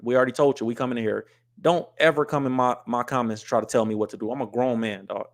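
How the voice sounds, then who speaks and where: A man's voice: medium pitch, steady tone, fast. Blunt West Coast man hosting a stream. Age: adult with wife and kids. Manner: blunt and scolding to chat, reads comments aloud. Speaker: livestream host. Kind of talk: casual live-stream commentary.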